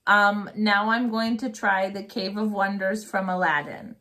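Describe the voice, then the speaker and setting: A woman's voice: mid-range voice, steady tone, a little slow, bright, forceful tone. A woman co-hosting a casual chat, giggling and playfully trying out celebrity voices. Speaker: podcast co-host.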